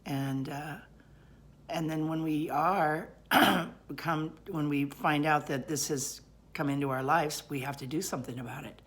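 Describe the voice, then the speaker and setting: Woman storyteller, low voice, animated, rambling, lots of fillers. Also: measured pace, breathy edge. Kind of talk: personal story told aloud.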